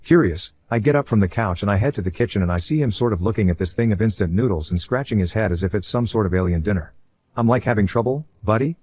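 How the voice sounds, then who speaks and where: A man with a fairly low voice reads a first-person online story aloud. His delivery is casual and conversational, like someone recounting events to a friend. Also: fast, a little mellow, husky. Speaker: story narrator.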